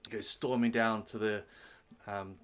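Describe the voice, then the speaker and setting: A man's voice: lowish voice, fairly even intonation, moderate pace, smooth. A man narrating as game master on a streamed tabletop game, telling the story loosely with many restarts.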